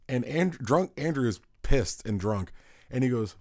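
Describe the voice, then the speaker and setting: A man's voice: lowish voice, expressive, normal speed, a little mellow, no room sound. A man co-hosting a podcast, telling stories in a rambling, self-interrupting way and laughing at his own tales. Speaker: podcast co-host. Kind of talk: casual storytelling chat.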